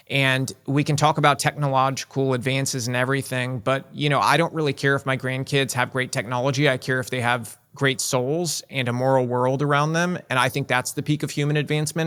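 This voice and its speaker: A man's voice: medium pitch, a bit bright. A man in his forties, a guest in an interview, talking earnestly with frequent "right?" and "you know" asides. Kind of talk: casual interview talk.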